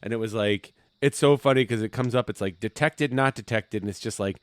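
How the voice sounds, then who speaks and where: Smooth-voiced man telling stories. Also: lowish voice, fairly quick, dry recording. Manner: profane storytelling, acting out quoted people. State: recovering from covid. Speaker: podcast co-host. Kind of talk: casual chat. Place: home basement.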